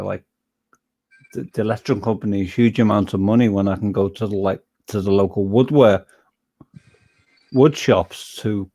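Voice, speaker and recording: An Englishman hosting a casual online voice chat, rambling with halting restarts. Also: on the low side, warm tone. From England. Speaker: chat host.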